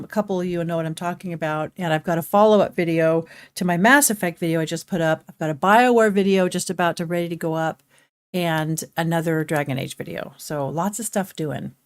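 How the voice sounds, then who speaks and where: A woman with a lowish voice talks a little fast while streaming gameplay live. She stays chatty and loose, rambling, jumping between topics and reading her chat aloud between game actions.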